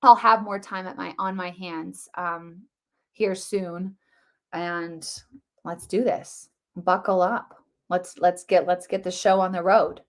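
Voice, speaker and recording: Speaking slowly in a voice on the low side, a middle-aged woman runs a political commentary livestream. Her talk is casual, animated and rambling, with lots of restarts and fillers, and she calls her viewers guys.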